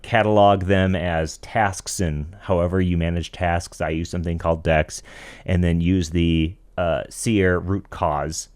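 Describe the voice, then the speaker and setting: A man's voice: low voice, fairly even intonation, measured pace, a little mellow, clear, resonant tone. A man co-hosting a tech podcast, explaining things in casual chat. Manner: explanatory, reads listener questions aloud. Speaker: podcast co-host.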